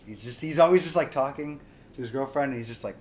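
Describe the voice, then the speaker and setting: A man's voice: medium pitch, fast talker, darkish tone, echoey room. A man in casual chat, crude and teasing, swearing a lot.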